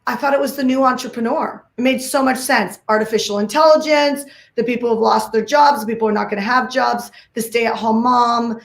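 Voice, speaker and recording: A woman giving an energetic talk on a video call, emphatic and full of repeated phrases and "like"s. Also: on the high side, fairly quick, hardly any pauses, reverberant. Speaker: guest speaker.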